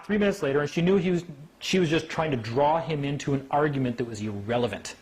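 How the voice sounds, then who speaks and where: Animated man telling court stories. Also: on the high side, quick pace. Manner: animated, acts out quoted people, asks "right?". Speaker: speaker at a meeting. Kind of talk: informal talk to a small group.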